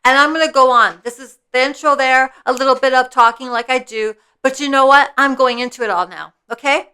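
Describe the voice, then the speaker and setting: A woman's voice: high-pitched, a little fast, pushed and bright, clear, resonant tone. A woman in her fifties talking earnestly in a casual spiritual vlog, repeating herself and checking in with "okay?" over and over. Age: 50s. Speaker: vlogger. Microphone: personal mic.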